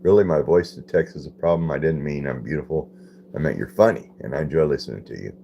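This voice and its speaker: A man's voice: rumbling low, fast talker, vocal fry, highs cut off, slight background noise. A man hosting a casual live stream, reading viewer comments aloud, repeating phrases and puzzling over them.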